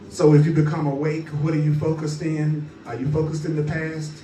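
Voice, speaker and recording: A man's voice: a little high, level tone, a little fast, few pauses, mellow, echoey room, recorded from a distance, soft background music, low-quality recording. A man teaching spirituality in a rhythmic, repetitive, call-and-response cadence.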